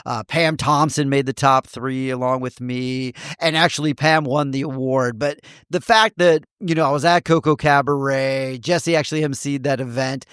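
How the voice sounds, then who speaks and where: A man's voice: fairly high pitch, a bit bright, smooth, no echo, clean studio sound. A middle-aged man from Texas with a Texan accent, chatting enthusiastically as a guest about local spots. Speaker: guest, local TV news host. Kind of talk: casual chat.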